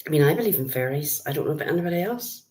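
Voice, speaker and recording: Northern Irish woman, middle-aged, low voice, friendly live-stream chatter. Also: animated, racing, a little mellow. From Northern Ireland. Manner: chatty, greets viewers by name, calls them love. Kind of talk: casual live-stream chat with viewers.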